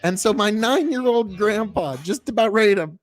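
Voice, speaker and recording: A man hosting a casual livestream as a farmer, rambling and swearing freely, easily excited. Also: high-pitched, normal speed, soft background music. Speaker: livestream host and seed farmer.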